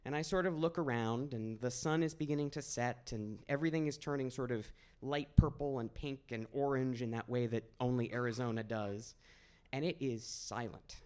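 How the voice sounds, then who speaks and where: A man's voice: medium pitch, normal speed, darkish tone, clear, resonant tone. Wry young man telling a story onstage. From Maine, USA. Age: 20s. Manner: conversational, wry, self-deprecating. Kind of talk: live personal storytelling. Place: small stage at a storytelling event.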